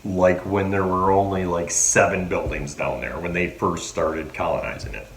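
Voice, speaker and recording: A man chatting casually, an animated storyteller who laughs at himself. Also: sits low, normal speed, vocal fry. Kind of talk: casual chat. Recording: echoey room with noticeable noise.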